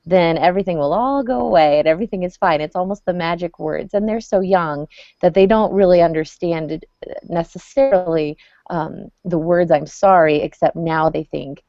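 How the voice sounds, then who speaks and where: A woman's voice: on the low side, normal speed, vocal fry, mellow, no room sound. A woman speaking as a parent on a panel discussion, talking conversationally with restarts and fillers, heard over muffled lo-fi online audio.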